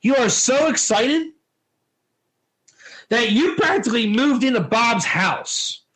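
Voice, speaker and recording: High-voiced man teaching a lively lesson. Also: slow pace, poor audio. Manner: animated storytelling with rhetorical questions. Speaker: Torah teacher. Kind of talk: informal lesson.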